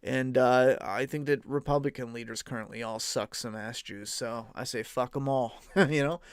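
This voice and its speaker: A man's voice: mid-range voice, normal speed, clear, resonant tone, no echo, clean studio sound. Blunt, profane man chatting casually. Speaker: podcast host. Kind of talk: casual live-stream chat.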